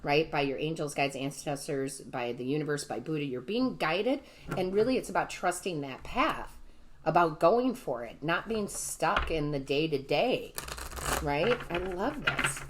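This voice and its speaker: Over a noisy background, a low-voiced woman gives a casual tarot reading to her viewers, speaking in an animated but unhurried way. A tarot reader and medium, she gushes with enthusiasm, calls her audience "guys," and keeps asking "right?"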